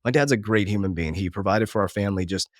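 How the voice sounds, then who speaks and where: A man in his forties talking quickly and with feeling in a podcast conversation, often speaking of faith and family. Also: on the low side, dry recording, studio quality. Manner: fast, heartfelt, religious. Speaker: business coach, guest.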